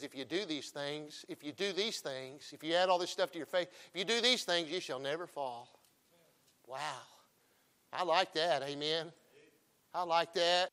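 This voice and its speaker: A middle-aged man preaching a folksy revival sermon, emphatic and swinging between loud calls and hushed asides. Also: fairly high pitch.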